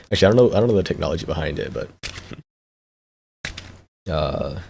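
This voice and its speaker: A young man chats casually on his stream, rambling from one thought to the next. His voice is low and gravelly with plenty of fry. He often stumbles over repeated words and breaks into laughter. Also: animated, brisk, noisy background. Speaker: VTuber streamer.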